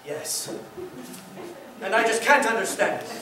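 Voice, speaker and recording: A woman's voice: on the high side, animated, unhurried, background noise. A young woman on a school stage playing an earnest, pleading young groom. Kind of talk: high school musical theatre. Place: school stage in a large hall. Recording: echoey auditorium taped from far off.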